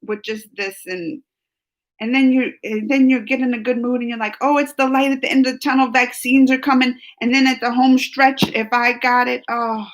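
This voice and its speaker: A woman's voice: a little high, steady tone, normal speed. A married woman hosting a reaction stream, chatting to her viewers, emotional and teary, laughing between worries. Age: adult, married with family. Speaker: reaction channel host reading live chat. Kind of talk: casual emotional chat with viewers.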